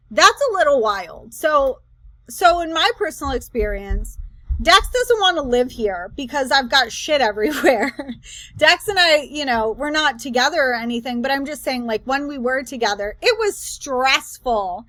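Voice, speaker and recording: A woman hosting a casual reaction commentary, chatty and rambling with animated asides. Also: high voice, normal speed, no echo. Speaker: reseller commentary host.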